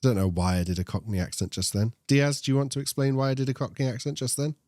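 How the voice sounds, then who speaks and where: A man's voice: medium pitch, steady tone, fast, darkish tone, no room sound, clean studio sound. A young man with a posh British accent co-hosting a casual esports chat, joking and wandering off on tangents. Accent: posh British English. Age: young adult. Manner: joking, rambling, prone to tangents. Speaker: co-host.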